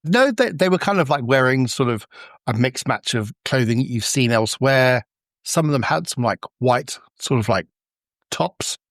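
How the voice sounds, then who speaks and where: A man narrating as a game master, feeling his way through the scene with constant fillers and restarts. His voice sits at a middle pitch, recorded close and dry. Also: expressive, moderate pace, no echo. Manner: loose, improvised narration with many fillers.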